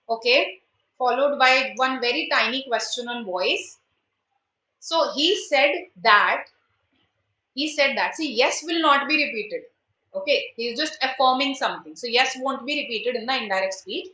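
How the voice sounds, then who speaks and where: A woman's voice: sits high, pushed and bright, echoey room, a little hiss or hum, poor audio. A woman teaching an online grammar lesson in Indian English, mixing in Hindi and quizzing her students. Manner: switches between English and Hindi, asks students questions. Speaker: online exam prep teacher. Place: indoors at home.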